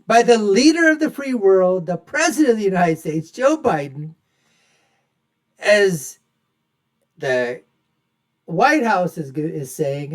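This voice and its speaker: Emphatic man hosting a solo commentary show. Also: high voice. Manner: emphatic, keeps addressing listeners as folks; repeats phrases for punch, swings loud and soft. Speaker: show host.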